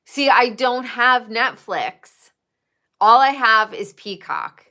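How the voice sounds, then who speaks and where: Woman streamer, slow unhurried delivery, chatty and profane, talks straight to viewers. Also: fairly high pitch, expressive, sharp tone. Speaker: livestreamer. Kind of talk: casual chat with viewers.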